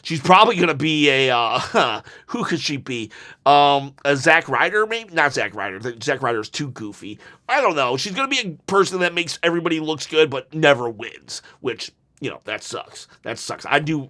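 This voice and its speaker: A man's voice: on the high side, lively intonation, moderate pace, bright, forceful tone. A man reviewing a wrestling show in casual commentary, rambling and exasperated, with restarts and sighs.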